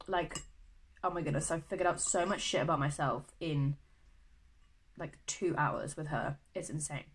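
A woman's voice: sits low, steady tone, moderate pace, slight background noise, rough recording. Young uk woman vlogging, gushy chatty, lots of likes and ums. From United Kingdom. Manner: gushing, chatty, lots of fillers. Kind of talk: casual chat to camera.

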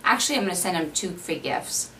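Low-voiced woman vlogger with a Minnesota accent, rambling casual chat, faint background hiss. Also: lively intonation, fast talker, bright, forceful tone, recorded from a distance, low-quality recording. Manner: chatty, rambling, many fillers. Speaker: beauty vlogger.

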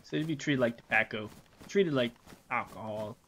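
A man's voice: mid-range voice, normal speed, fairly bright tone, a little hiss or hum. A man from the United States, a game streamer chatting casually with his live chat while he plays, joking and rambling.

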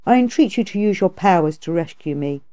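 A woman voicing a cheeky, boastful male monkey king imprisoned under a mountain, talking in a quick, lively way. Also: on the low side, no echo, natural voice. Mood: pleading.

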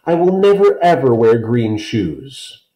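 A man voicing a stubborn, sulky little girl in a storybook reading, with loud, shrill outbursts. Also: very animated, slow pace, echoey room, poor audio. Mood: wailing.

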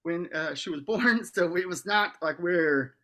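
A man who is a podcast guest, speaking in outspoken, profane, animated casual chat. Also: sits high, measured pace.

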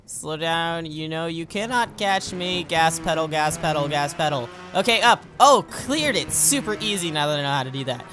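Excitable young man narrating his gameplay. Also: fairly high pitch, moderate pace, hardly any pauses, over music. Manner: excitable, jokey, talks to himself, yelps and laughs at crashes. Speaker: gameplay commentator. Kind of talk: let's play commentary.

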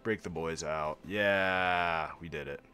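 A young man giving casual, sarcastic gameplay commentary as a video host, often laughing at himself and going deadpan when joking. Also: low-pitched, slow pace, faint music behind. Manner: flat monotone when joking.

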